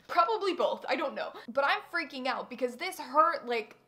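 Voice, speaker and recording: A young woman with a high voice tells a storytime vlog. She is animated and dramatic, piling on fillers as she goes. Her delivery is casual and chatty. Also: normal speed, a little hiss or hum. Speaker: vlogger.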